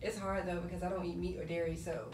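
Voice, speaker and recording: A woman's voice: on the low side, level tone, a little mellow. A woman with a Southern accent guesting on a casual podcast, blunt and joking. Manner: blunt, joking, quick asides. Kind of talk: casual chat. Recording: roomy, distant mic, faint noise.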